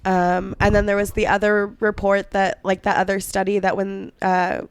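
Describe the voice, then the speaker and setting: Casting note: woman podcast co-host, hoarse and fading, smooth but dry close-mic sound, chatty and indignant. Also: medium pitch, monotone, normal speed, no room sound. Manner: chatty, many "like" fillers, indignant asides. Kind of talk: casual chat, telling history.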